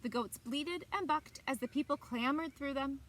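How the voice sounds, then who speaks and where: A librarian reading a picture book aloud to children, expressive and animated. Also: female voice, high-pitched, normal speed. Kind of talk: children's story time read-aloud.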